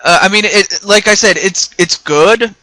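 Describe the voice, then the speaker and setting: A man's voice: sits high, unhurried, sharp tone, dry recording. An American man hosting a casual interview, talking hesitantly with many fillers and restarts. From United States. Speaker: interview host.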